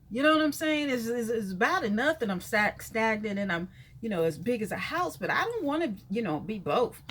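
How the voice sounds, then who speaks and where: A woman's voice: fairly high pitch, a bit bright. A woman vlogging at home, chatting casually to the camera in a sassy, playful way. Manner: sassy, playful, calls viewers honey. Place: home room by a sunny window.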